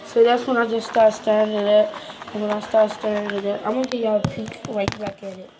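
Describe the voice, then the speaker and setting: A woman's voice: medium pitch, flat delivery, a little fast, background noise. Chatty woman with a DC accent. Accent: Washington DC. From Washington DC. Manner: slangy, rambling, talks straight to viewers. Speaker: vlogger. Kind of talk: casual how-to chat.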